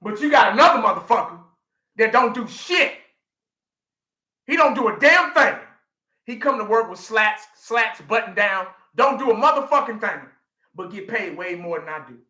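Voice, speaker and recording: Brief: fan vlogger, man, 40s, profane and repetitive, forceful bright voice. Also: high-pitched, lively intonation, normal speed, echoey room. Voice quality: profane, emphatic, repeats himself. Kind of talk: ranting live reaction.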